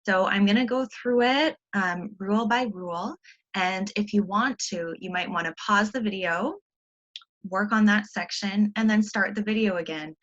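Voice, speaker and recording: A woman teacher walks through a grammar lesson patiently and step by step, with plenty of ums. Her voice sits at an ordinary middle pitch. The recording is slightly muffled and lo-fi, like a computer mic during a screen share. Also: normal speed, fairly bright tone.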